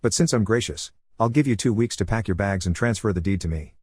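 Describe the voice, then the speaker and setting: A man's voice: on the low side, fast talker, a little mellow, slightly rough, dry recording, clean studio sound. A man reading as a bossy domineering mother. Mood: commanding. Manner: commanding, demanding.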